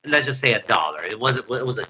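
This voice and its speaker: A man hosting a livestream, ranting in an animated, profane way into a headset mic. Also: mid-range voice, fast talker, a little hiss or hum, rough recording. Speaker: livestream host. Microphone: headset earpiece mic.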